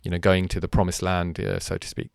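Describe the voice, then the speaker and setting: A man's voice: low-pitched, quick pace, creaky. A man hosting a casual podcast conversation. He tells stories animatedly and drifts into tangents. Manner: animated, tangent-prone storytelling. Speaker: podcast host.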